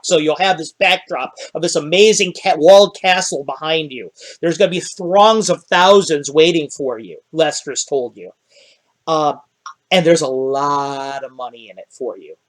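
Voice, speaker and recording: A man narrating a tabletop game as dungeon master, rambling with many fillers. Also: a little high.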